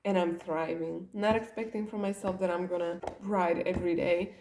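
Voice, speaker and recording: A woman's voice: fairly low pitch, fairly even intonation, normal speed, noisy background. Rambling young woman vlogging. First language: Slovak. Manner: rambling, all over the place. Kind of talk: casual vlog chat. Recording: roomy echo.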